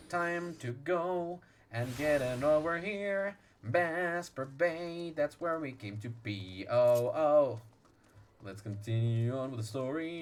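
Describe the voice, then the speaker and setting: A man's voice: on the high side, lively intonation, measured pace, faint music behind. A man casually commenting while streaming a game, playful and rambling, humming little sound effects.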